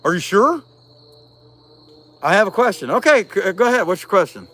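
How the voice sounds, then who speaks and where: Man, rather high voice, folksy, rambling, casual livestream chat, carver reading comments. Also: sing-song, fairly quick, pushed and bright. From Southeast Ohio. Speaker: chainsaw carver and livestream host.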